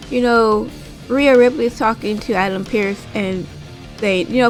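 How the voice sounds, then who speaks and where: A woman talks in a relaxed, chatty way, spilling details with plenty of filler words. She breaks into little acted-out quotes as she goes. Faint guitar music plays quietly in the background. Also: fairly high pitch, a little slow. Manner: animated recapping, acting out quotes, frequent fillers. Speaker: wrestling commentary vlogger. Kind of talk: casual chat.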